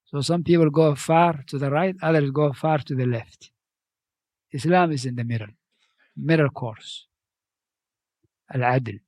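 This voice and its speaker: Guy preaching in english, kinda high voice, dry close sound. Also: unhurried, long pauses, a little mellow, dry recording. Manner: conversational, repeats phrases, non-native grammar. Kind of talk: sermon.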